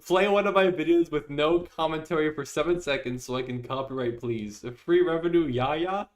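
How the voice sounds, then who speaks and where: A man's voice: a little high, moderate pace. A young man streaming live, chatting casually with viewers, reading their messages aloud and laughing often.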